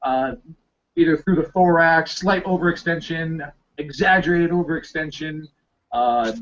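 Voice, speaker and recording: Relaxed co-host man, lo-fi sound. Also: fairly high pitch, unhurried, a little hiss or hum. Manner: relaxed, filler-heavy explaining. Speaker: podcast co-host. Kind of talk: casual podcast chat. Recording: dull lo-fi sound.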